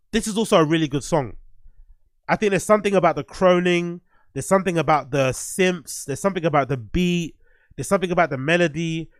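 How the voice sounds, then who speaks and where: A podcast host with a somewhat high voice talks bluntly and swears freely. He works his thoughts out aloud in loose livestream commentary, with plenty of restarts. The sound is close and dry. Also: fairly bright tone, no echo. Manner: blunt, profane, opinionated; thinks aloud with restarts and fillers.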